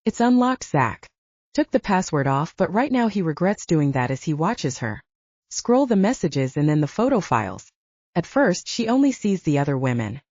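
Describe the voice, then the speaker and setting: A woman reading a novel aloud in an expressive narration. Her pitch moves a lot while her tone stays mellow and a bit low. The recording is dry and slightly dull. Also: moderate pace, dry recording. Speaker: audiobook narrator. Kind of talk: scripted narration.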